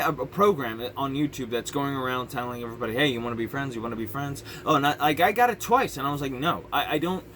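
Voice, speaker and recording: A man's voice: medium pitch, a bit bright, a little hiss or hum. A young man ranting frustratedly on his vlog from his parents' house, rambling and restarting his sentences. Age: young adult. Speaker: YouTuber.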